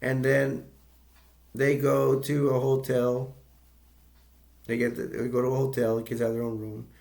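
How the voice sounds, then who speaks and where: A man talks through a film's story in a loose, rambling way, often restarting his sentences and adding asides. His voice sits at an ordinary middle pitch with a gravelly, rough edge. It sounds like an informal reviewer chatting straight to camera. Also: level tone, unhurried, darkish tone. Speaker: movie reviewer. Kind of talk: casual plot recap.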